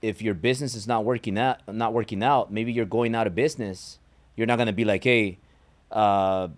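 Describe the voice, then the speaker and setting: A man's voice: on the low side, steady tone, fast talker. A man hosting a casual podcast conversation, talking bluntly and motivationally with many repeated words. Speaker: podcast host.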